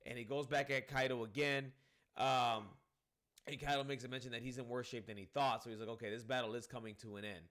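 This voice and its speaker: A man giving a casual spoken review of a comic chapter, rambling and animated, swearing freely and filling gaps with "um" and "you know what I mean". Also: medium pitch, brisk. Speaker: manga reviewer.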